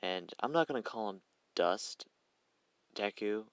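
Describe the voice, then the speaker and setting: A man's voice: lowish voice, lively intonation, a little slow, dry recording. A young man casually narrating a fan story, rambling and correcting himself as he goes. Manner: rambling, self-correcting, swears.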